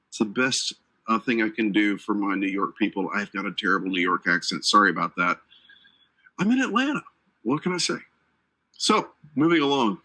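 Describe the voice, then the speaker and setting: A man's voice: fairly low pitch, lively intonation, normal speed, sharp tone, rough recording. A man instructor giving a live online training lecture, chatty and joking with his audience between points. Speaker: certification exam instructor. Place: based in Atlanta.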